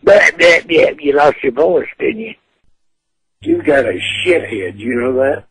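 A man's voice: on the high side, very animated, a little slow, breathy edge, no echo. A furious man on a phone call who taunts and curses the caller in a profane rant. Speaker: prank call target. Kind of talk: angry phone argument.

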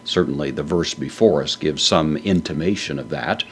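A man giving a slow, deliberate verse-by-verse Bible lesson, working through the Greek grammar word by word. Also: rumbling low, slight background noise. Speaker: Bible teacher.

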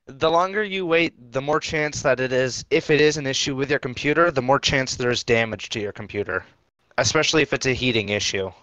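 A young man on a voice chat, patient and instructive as he explains tech steps one at a time. His voice sits at an ordinary pitch and comes through dry, with little room sound. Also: brisk, a bit bright, no echo, low-quality recording. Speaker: friend giving tech support on a voice call. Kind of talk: casual call.

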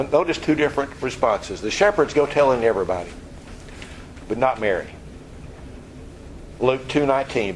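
A man teaching a Bible study, explaining scripture and acting out scenes with animated voices. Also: mid-range voice, slight background noise, low-quality recording.

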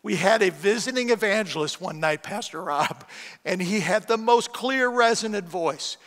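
This middle-aged guest speaker delivers a sermon full of self-deprecating stories in a church auditorium. His voice is high-pitched, animated, a bit bright, and moderately paced, with long reverb from the hall.

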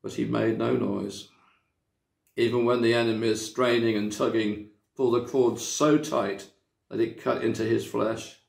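Gravelly man reading a storybook aloud. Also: medium pitch, steady tone. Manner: measured, dramatic storytelling. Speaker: church member reading aloud. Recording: echoey room.

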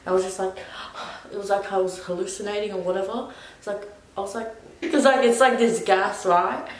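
A woman's voice: mid-range voice, fairly even intonation, a little fast. A young woman casually telling a personal story as a vlogger, rambling with lots of "like". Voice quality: rambling, full of "like". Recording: echoey room.

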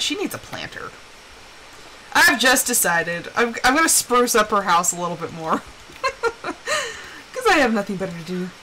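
A young woman chatting casually while playing a game on a live stream, telling animated stories and putting on quick quoted voices. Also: fairly high pitch, a little hiss or hum, rough recording.

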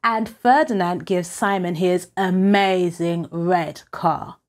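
A woman reading a children's picture book aloud in an expressive storytelling way. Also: fairly low pitch. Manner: expressive, unhurried.

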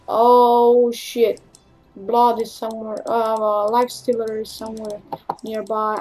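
High-voiced woman trash-talking through gameplay. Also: slow, a little hiss or hum. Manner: excitable trash-talking, bursts into shrieks. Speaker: gamer commentating own match. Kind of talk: profane gameplay commentary. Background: faint keyboard and mouse clicking.

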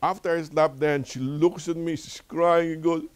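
An older man with a Filipino accent leading a church Bible lesson, telling stories with lively, preacherly repetition. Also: fairly high pitch, moderate pace, smooth. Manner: animated storytelling, laughs often. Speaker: Bible study teacher.

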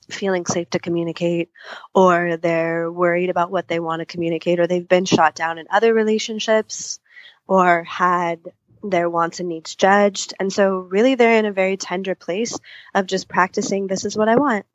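A woman's voice: lowish voice, no echo. Thoughtful woman therapist on a dull line. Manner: thoughtful, explains at length with spoken-out inner voices. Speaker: couples therapist and author. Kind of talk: podcast interview answers.

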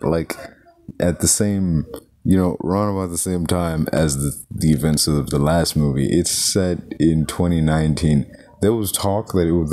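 A man's voice: deep voice, warm tone. A man giving a casual, profane movie review, riffing loosely and slipping into mock voices.

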